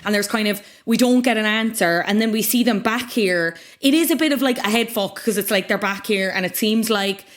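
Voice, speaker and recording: Young woman on a podcast, chatty and playful, mid-pitched voice, laughs a lot. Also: fairly quick, few pauses. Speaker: podcast co-host. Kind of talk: casual chat.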